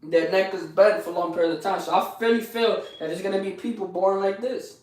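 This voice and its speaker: High-voiced preachy young man, echoey stream. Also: steady tone, fairly quick, darkish tone, recorded from a distance. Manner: preachy, repetitive, street slang, asks "you heard?". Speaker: live streamer giving morning motivation. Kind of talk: casual motivational livestream talk.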